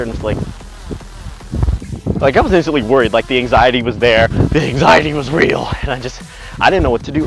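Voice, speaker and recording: A young man tells a rambling story as he walks outside on a windy day, recorded on a handheld camera. He is blunt and swears freely, and his pitch sits in the middle for a man. Music plays clearly underneath, and wind comes through on the camera audio. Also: lively intonation, a little fast, pauses often, poor audio. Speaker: vlogger. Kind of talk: casual storytelling while walking. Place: outdoors on a windy walk.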